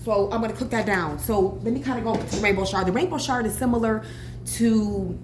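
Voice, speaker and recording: A woman in her forties, a cooking vlogger chatting casually at home with rambling, animated asides. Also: mid-range voice, brisk. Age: 40s. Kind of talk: casual cooking vlog chat. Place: home kitchen. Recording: echoey kitchen, faint room noise.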